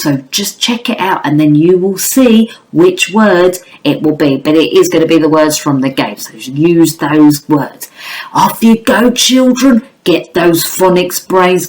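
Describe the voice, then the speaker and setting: A woman teaching a phonics lesson to young children, sounding out each phoneme slowly and encouraging children and parents to join in. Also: on the low side, a little mellow. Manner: slow, clear, sounding out phonemes with sing-song emphasis.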